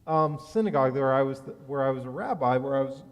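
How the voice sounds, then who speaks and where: A man giving a sermon as a rabbi, telling a personal story in an animated way that rises loud at key moments. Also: mid-range voice, fast talker, muffled recording. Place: synagogue sanctuary. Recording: long reverb of a large hall.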